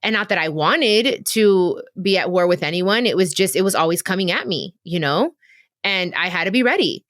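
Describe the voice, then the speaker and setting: A woman's voice: lowish voice, expressive, normal speed, a bit bright, dry recording. Candid woman podcast host, dry mic. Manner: emotional, confiding, addresses listeners directly. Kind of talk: candid casual chat.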